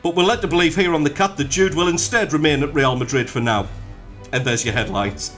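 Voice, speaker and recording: A Sunderland man with a fairly high voice, co-hosting a football breakfast radio show. He reads headlines, then chats in a blunt, cheeky, animated way, with faint music underneath. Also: a little fast. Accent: Sunderland (Mackem). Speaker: radio co-host and news reader. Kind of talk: headline reading and casual sports chat.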